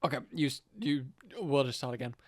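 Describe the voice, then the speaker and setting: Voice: medium pitch, animated, brisk, dry recording. Laid-back podcast co-host chatting. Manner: laid-back, fumbling restarts. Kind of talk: casual chat.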